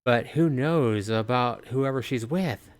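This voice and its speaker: A man's voice: mid-range voice, takes it slowly, lightly acted. A man voicing a guarded, weary young man in a survival story, with short and terse replies.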